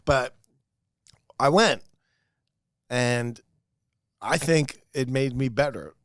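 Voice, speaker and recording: A man's voice: mid-range voice, extremely slow, no room sound. A man hosting a casual podcast chat, a stand-up comedian who talks candidly and laughs often. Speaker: podcast host.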